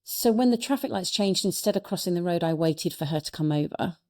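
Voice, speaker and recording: Woman, middle-aged, lowish voice, earnest storytelling, restarts her sentences, podcast mic. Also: expressive, brisk, mellow. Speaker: guest, speaker and coach. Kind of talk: reflective storytelling in a podcast interview.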